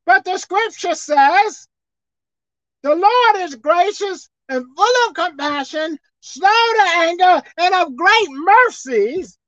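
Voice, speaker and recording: Woman pastor, high expressive sermon voice, soft to shouting, dull dry recording. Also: slow pace, no echo. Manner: preaching with dramatic swings from soft to shouted.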